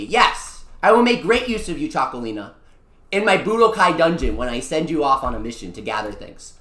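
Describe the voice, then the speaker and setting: Excitable young-adult streamer, lively and bright. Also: mid-range voice, fairly quick. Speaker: VTuber streamer. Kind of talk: casual live-stream chat over a mobile gacha game. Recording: echoey room.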